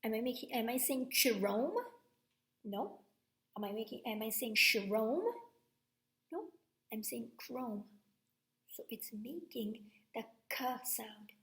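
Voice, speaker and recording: A woman teacher giving a slow, patient phonics lesson, checking in with "okay?" and repeating each sound. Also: a little high, fairly even intonation, a little mellow, echoey room.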